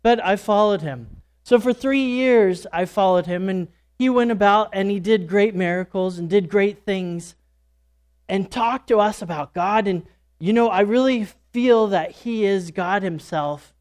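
A man with a high, smooth, slightly mellow voice speaks unhurriedly. He's a church speaker retelling a Bible story in character, delivering a first-person dramatic monologue as a disciple in a casual, folksy storytelling style full of fillers and asides.

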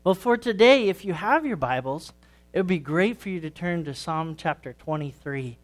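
Guy pastor reading a kids' story in church, slightly high voice, gentle storyteller. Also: expressive, moderate pace.

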